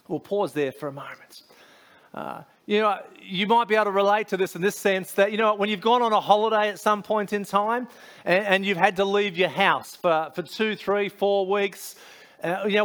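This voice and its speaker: A man's voice: high voice, fairly bright tone. A man preaching a sermon as a pastor, conversational, with frequent fillers and restarts.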